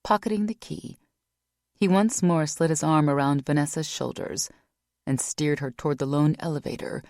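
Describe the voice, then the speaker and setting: A woman narrating an audiobook in a wry, measured storytelling manner. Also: sits low, steady tone, darkish tone, dry recording, clean studio sound. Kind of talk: scripted narration.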